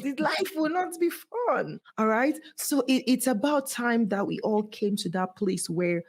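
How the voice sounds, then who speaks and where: A woman guest on a podcast, speaking as a voice coach in an animated, emphatic way, swooping high to stress her points. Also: unhurried, hardly any pauses, slight background noise. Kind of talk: motivational podcast conversation.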